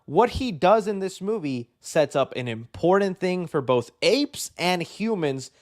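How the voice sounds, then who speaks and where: A man hosting a live movie news show, chatting casually in an excitable, rambling way with many fillers. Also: high-pitched, measured pace. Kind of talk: casual live-stream chat.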